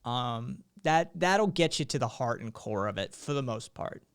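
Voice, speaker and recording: A man's voice: mid-range voice, lively intonation, moderate pace, smooth. A man hosting a live stream, talking in a rambling way with lots of fillers and restarts. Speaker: streamer host.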